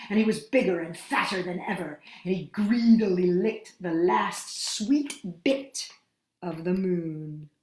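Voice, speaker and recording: A woman hosting a storytime, reading a picture book aloud to children with an animated, expressive delivery. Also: medium pitch. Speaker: storytime host. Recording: echoey room.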